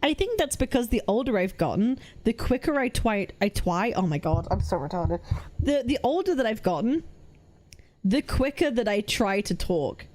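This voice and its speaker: A woman's voice: medium pitch, sing-song, normal speed, darkish tone, slight background noise. A young British woman chatting casually on a live stream, rambling and self-deprecating, often repeating herself. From Britain.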